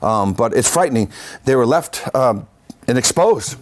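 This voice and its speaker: A man's voice: mid-range voice, expressive, a little slow. A man giving a history lecture at a senior center, adding pointed asides to his audience. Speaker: local historian giving a talk. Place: senior center meeting room.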